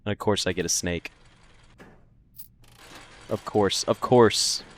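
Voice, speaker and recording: Low-voiced joking gaming streamer man. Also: takes it slowly. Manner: joking, laughs often, reacts to chat. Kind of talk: casual let's-play commentary.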